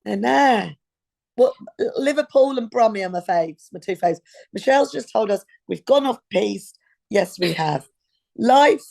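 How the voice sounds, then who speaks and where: A woman's voice: a little high, lively intonation, moderate pace, vocal fry, a little mellow. A woman in her fifties co-hosting a podcast in casual chat, rambling and hunting for words with fillers. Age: 50s. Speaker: podcast co-host.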